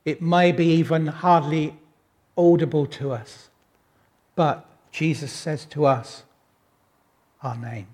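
Middle-aged man, sermon delivery, slightly high voice, measured, reflective with a dry, self-mocking wit. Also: a little mellow. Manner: unhurried, reflective, with wry self-deprecating asides. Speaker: preacher.

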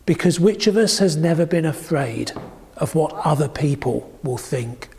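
A man's voice: a little high, expressive, vocal fry. Man preaching in a reverberant hall. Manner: storytelling with dramatic pauses and hushed repeated phrase. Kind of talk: sermon.

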